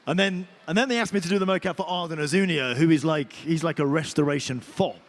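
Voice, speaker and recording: Male actor at a convention panel, animated anecdote-teller, voice sits a little high. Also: fast talker. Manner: animated, chatty storyteller. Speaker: voice and motion capture actor.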